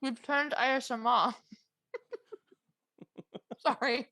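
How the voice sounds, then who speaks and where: A woman co-hosting a casual movie podcast, playful and quick to giggle. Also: sits high, fairly even intonation, pushed and bright, no room sound. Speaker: podcast co-host. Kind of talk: casual chat.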